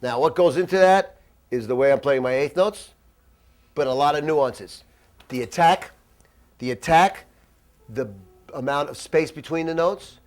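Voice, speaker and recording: A man leads a jazz masterclass, his voice sitting a little high for a man. He talks in a loose, animated, conversational way and slips in little acted-out asides. The room sounds dry. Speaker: jazz saxophone teacher. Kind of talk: masterclass lecture.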